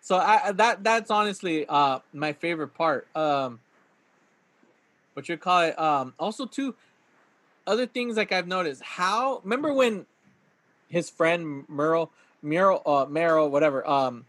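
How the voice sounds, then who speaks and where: A man's voice: a little high, expressive, measured pace, fairly bright tone, dry recording. A man chatting casually about a movie, talking animatedly and acting out scenes in a raised voice.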